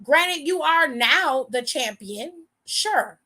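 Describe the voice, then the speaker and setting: A woman's voice: sits high, expressive, slow, sharp tone. A woman hosting a casual wrestling recap, talking in a sassy, profane, slangy way.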